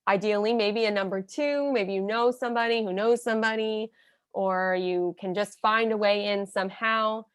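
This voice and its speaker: A woman's voice: mid-range voice, fairly even intonation, normal speed, clean tone, dry recording, studio quality. A woman giving an instructional talk as a nonprofit consultant, emphatic and coaching, acting out sample messages.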